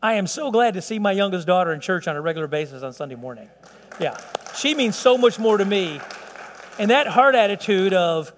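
A middle-aged man preaches in a church, his voice pitched high for a man. He talks with passion, stumbling into quick repeats and swinging from hushed to loud. Long reverb from the church hall trails each phrase. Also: expressive. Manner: impassioned, stammering repeats, swings between soft and loud. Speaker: pastor. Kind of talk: sermon. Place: church sanctuary.

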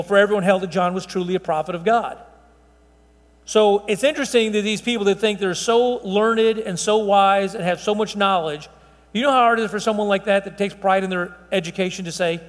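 A man's voice: sits high, fairly quick, long reverb tail. A man preaching a conversational Bible-teaching sermon, emphatic, with fillers and restarts. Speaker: pastor.

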